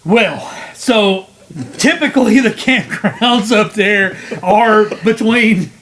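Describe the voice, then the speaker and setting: A man's voice: sits high, slow pace, a bit bright, slight background noise. A man rambling through stories in a casual podcast chat. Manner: rambling, laid-back storyteller. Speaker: podcast host.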